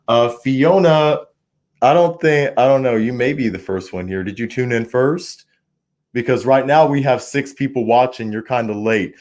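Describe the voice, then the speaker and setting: A man reading tarot on a casual livestream, talking loudly and swinging from mumbles to shouts, at a party indoors. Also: mid-range voice, moderate pace. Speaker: tarot reader hosting a livestream. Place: indoors at a New Year's party. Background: faint party music.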